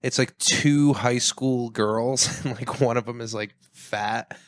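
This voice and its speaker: A young man at an ordinary pitch, loose and joking, often breaking into laughter. The sound is dry and close, with no room at all. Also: steady tone, slow, no room sound. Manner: crude jokes, laughs often. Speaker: podcast co-host. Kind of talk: casual chat.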